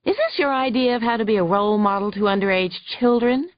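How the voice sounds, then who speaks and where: A woman's voice: fairly high pitch, fast talker, no echo, highs cut off, voice pushed up, natural voice. A woman voicing a snide, huffy female attorney who fires badgering questions in an audiobook. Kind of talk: audiobook character voice.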